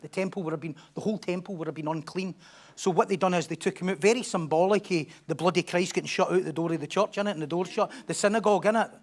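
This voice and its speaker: A man preaching a sermon as pastor, animated, acting out crowd voices and swinging from loud declarations to hushed asides. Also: high voice, fast. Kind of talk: expository sermon.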